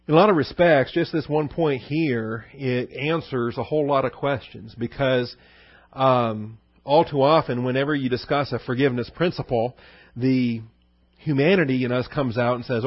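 A man's voice: mid-range voice, moderate pace, no room sound, dull audio. A male pastor giving a conversational verse-by-verse sermon, asking his listeners questions and answering them himself, with many fillers.

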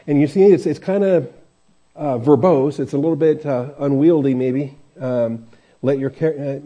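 Male pastor, very dark mellow tone, chatty verse-by-verse Bible teaching, dull lo-fi sound. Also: medium pitch. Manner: conversational, with many fillers and restarts. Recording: dull lo-fi recording.

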